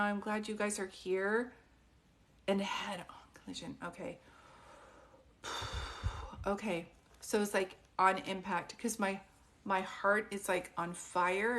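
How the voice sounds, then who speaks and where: Woman, psychic medium on a live stream, gentle and questioning, mid pitch, close phone mic. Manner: soft, consoling, often asks questions. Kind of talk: live-stream reading, casual and chatty.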